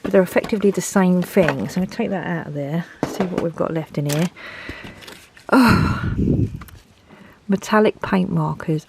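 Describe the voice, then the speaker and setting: Woman vlogging from her craft room, lowish voice, rambly, talks to herself. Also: moderate pace, vocal fry, pauses often, a little mellow, a little hiss or hum. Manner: rambling, thinks aloud, talks to herself while sorting. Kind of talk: chatty vlog. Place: home craft room, indoors.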